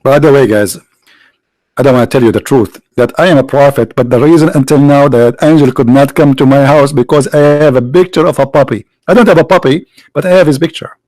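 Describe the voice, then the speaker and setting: A man's voice: mid-range voice, fairly quick, darkish tone, no room sound, rough recording. Man, livestream host, sarcastic and mocking, rhetorical questions, non-native English, dry close sound.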